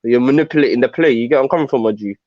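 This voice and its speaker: A man's voice: mid-range voice, rapid-fire, no echo. Man on a dull call line. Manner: keeps checking the listener follows. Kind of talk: casual chat.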